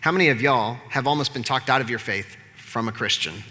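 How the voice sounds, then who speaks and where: Bright-voiced pastor preaching. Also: male voice, medium pitch, a little fast, in a large hall. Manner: animated, conversational storytelling with humor. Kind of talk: sermon. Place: church sanctuary.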